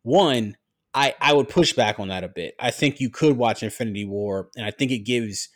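Brief: male comics writer as podcast guest, mid-pitched, argues in a loose, profane way with many restarts. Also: normal speed. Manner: argumentative, restarts often, swears. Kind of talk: casual chat.

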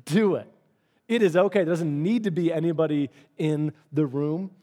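Earnest higher-voiced pastor preaching. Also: male voice, normal speed, warm tone. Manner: earnest, conversational preaching with repeated phrases. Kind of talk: sermon.

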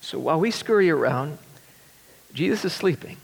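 Male pastor, animated sermon delivery, fairly high voice, long hall reverb, drops to near-whispers for emphasis. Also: normal speed, vocal fry. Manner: animated, shifts between excited and hushed tender delivery.

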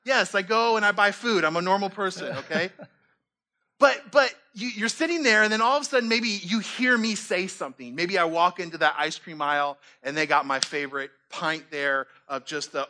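A man preaching with a high, bright voice that stays animated. He slips into playful voices for the people in his stories and jokes along the way. His sermon talk is lively and easygoing. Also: normal speed. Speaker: pastor.

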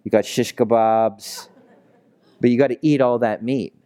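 A pastor delivers a casual, chatty sermon, telling stories and putting rhetorical questions to the congregation. His mid-range voice holds a steady tone, a little slow and warm.

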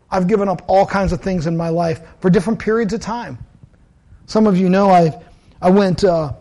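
A pastor with a fairly high male voice delivers a sermon. He talks earnestly and conversationally, weaving in personal stories and repeating key phrases for emphasis. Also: a little mellow.

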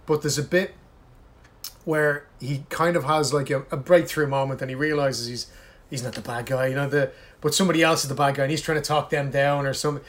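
A man's voice: medium pitch, fairly even intonation, brisk, a bit bright. A man in casual chat with a friend, ranting animatedly and swearing heavily.

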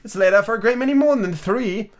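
A man voicing Alice, a prim, indignant young girl in a storybook reading, in a high, prim voice. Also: fast talker, lightly acted.

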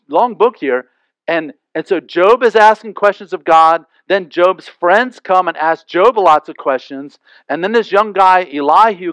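A man preaching a sermon in a loose, chatty way that keeps checking in with his listeners. His voice sits a little high for a man. The recording sounds slightly dull and very dry. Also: a bit bright, clean tone, no echo. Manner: conversational, with frequent asides and rhetorical questions. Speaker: pastor.

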